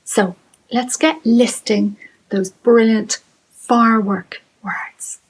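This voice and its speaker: A middle-aged Irish woman leads a children's creative writing lesson, asking encouraging questions and reading short poems aloud. Her fairly high voice is fairly even and slow, heard over soft background music in a low-quality recording.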